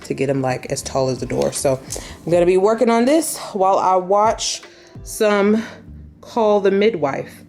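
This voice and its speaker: A young woman chatting casually to camera at home as a decor vlogger, upbeat and chatty with relaxed slang. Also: medium pitch, unhurried, gravelly, faint music behind. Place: at home in her entryway.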